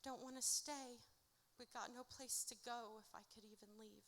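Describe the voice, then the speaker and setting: A woman performing her own spoken-word poetry at a live event, with a rhythmic, dramatic delivery that swings from hushed to loud. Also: a little high, fairly even intonation, moderate pace. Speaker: author reading her own work. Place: indoor music venue at a live event. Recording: reverberant live venue recording.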